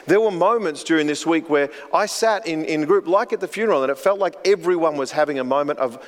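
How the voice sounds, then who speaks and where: Earnest pastor preaching in a reverberant hall. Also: male voice, fairly high pitch, fast, few pauses. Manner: earnest, storytelling with frequent repeated words. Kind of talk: sermon.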